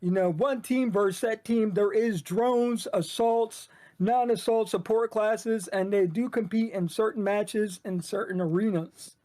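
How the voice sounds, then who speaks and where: A hyped, formal esports announcer, as a man puts on his casting voice. He pitches up well above his normal voice and leans into a drawn-out, announcing cadence. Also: dark tone.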